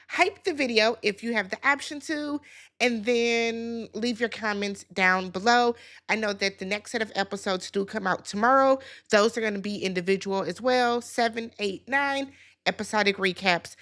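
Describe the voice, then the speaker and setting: A woman hosting a casual reality-TV recap, chatty and animated, talking straight to her viewers. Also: on the high side, moderate pace. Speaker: YouTube reality-show recap host.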